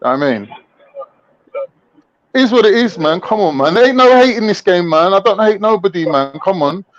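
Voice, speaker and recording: A man fires off boastful, combative slang in casual online banter. His voice sits high. The sound is dry and a little dull. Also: lively intonation, moderate pace, no echo. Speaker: show regular.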